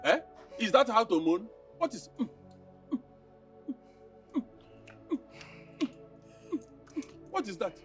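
A crude mocking Nigerian chief, high and lively voice, somewhat distant mic. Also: male voice, fairly quick, faint music behind. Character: boastful philandering middle-aged chief, crude. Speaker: husband and chief. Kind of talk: Nollywood film acting.

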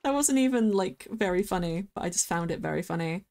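Chatty and quick to get excited, this female streamer offers casual gameplay commentary in a fairly low-pitched voice, letting out squeals at each animal she meets.

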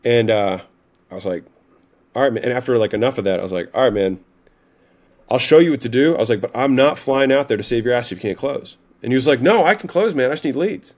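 A male podcast guest tells a story in loose, conversational speech. He is animated, leans on "like" and "right?", and swears now and then. His voice sits at an ordinary, middling pitch. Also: fast. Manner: animated retelling, frequent "like" and "right?", occasional swearing. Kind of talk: casual storytelling in an interview.

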